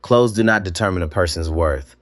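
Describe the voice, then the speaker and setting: Man voicing a calm, restrained passenger. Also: low voice, fairly quick, dry recording, clean studio sound, close to an everyday voice. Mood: calm firm. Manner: even, quiet, restrained.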